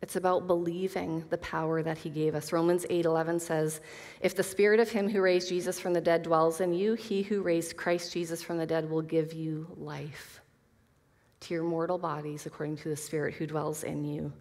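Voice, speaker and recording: A woman's voice: low-pitched, flat delivery, moderate pace, darkish tone. A woman teaching a Bible study to a women's group, earnest, reading scripture aloud with casual asides. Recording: long reverb of a hall.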